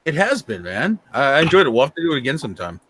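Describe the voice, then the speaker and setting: Lively middle-aged man chatting as a guest. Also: fairly high pitch, very fast, slight background noise. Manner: lively, repeats words, stammers. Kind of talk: casual chat.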